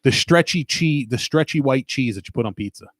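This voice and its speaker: A man's voice: medium pitch, animated, brisk. A middle-aged man with a New York accent, hosting a podcast in casual banter and teasing with a lot of swearing. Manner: profane, teasing, wisecracking. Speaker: podcast host.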